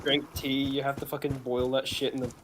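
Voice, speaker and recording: A man's voice: medium pitch, little pitch movement, brisk, background noise. A British man joking crudely and swearing freely in a casual gaming chat. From Britain.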